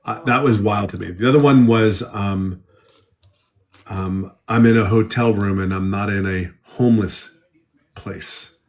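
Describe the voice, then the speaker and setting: Brief: middle-aged male guest, lowish voice, loose repetitive storyteller in a live chat. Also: fairly even intonation, measured pace. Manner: rambling, repeats himself while telling stories. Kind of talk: casual live interview.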